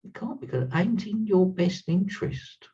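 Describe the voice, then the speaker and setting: A man's voice: high voice, expressive, moderate pace, warm tone, husky. A man giving an earnest spiritual talk as a teacher, stressing points by repeating words. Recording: slightly distant, dull lo-fi sound.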